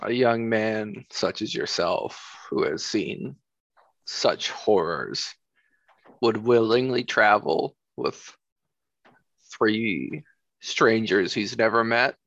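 A man's voice: on the low side, no room sound, highs cut off. A man playing a scheming villain mage. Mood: falsely admiring. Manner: slow, measured, insincere flattery. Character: scheming villainous male mage, smooth and calculating.

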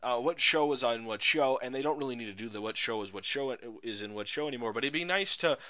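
A man's voice: medium pitch, quick pace, bright, forceful tone. A man co-hosting a casual podcast, ranting with plenty of profanity. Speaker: podcast co-host. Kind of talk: casual chat. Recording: dull lo-fi podcast audio.

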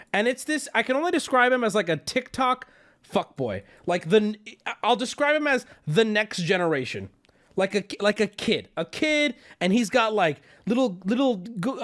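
A man with a high, lively voice tells a story with a streamer's restless energy. He swears freely and sounds exasperated, and he jumps into the other people's lines as he acts them out. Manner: exasperated, swearing, acting out both sides of the story. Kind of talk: animated storytelling rant.

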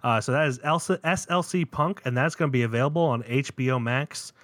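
A man's voice: medium pitch, brisk, a bit bright, no room sound. A man hosting a film review podcast in a rambling, casual way with many fillers. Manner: rambling, filler-heavy, self-correcting.

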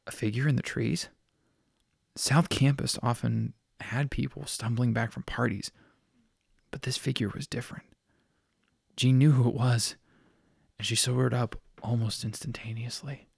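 A man reading a story aloud in a steady, plain narrating style. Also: mid-range voice, unhurried, creaky, pauses often, slightly rough, no echo, studio quality.

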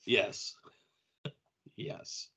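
Guy with a really bright voice, rambly casual chat, laughs a lot. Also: drawn-out words. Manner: rambling, laughs often, searches for names.

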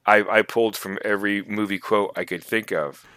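A man co-hosting a podcast, chatting casually about tabletop gaming in animated, emphatic bursts. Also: fairly low pitch, fairly quick, clean tone, dry recording. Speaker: podcast co-host.

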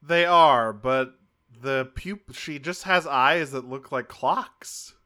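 A man's voice: mid-range voice, takes it slowly, pushed and bright. A man co-hosting a podcast, casually recapping a cartoon episode in a rambling, self-correcting way with offhand swearing. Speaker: podcast co-host.

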